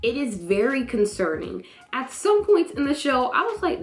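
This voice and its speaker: A young woman vlogging a casual show review, slangy and animated, acting out lines with sudden high jumps in her voice. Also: normal speed, soft background music. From North Carolina, US. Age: young adult. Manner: animated, slangy, acts out quotes with big pitch jumps.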